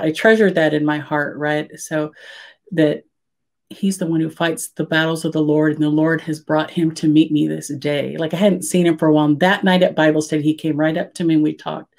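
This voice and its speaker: Older lady guest, slightly low voice, spins a story and jumps up when quoting herself. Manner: animated, acts out her own past words. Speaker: podcast guest. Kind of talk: casual storytelling in an interview.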